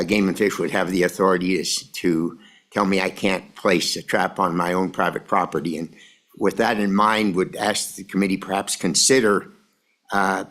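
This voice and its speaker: Deep-voiced male witness, measured and formal, addressing the committee chair. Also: fairly bright tone. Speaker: industry representative testifying. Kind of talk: committee testimony.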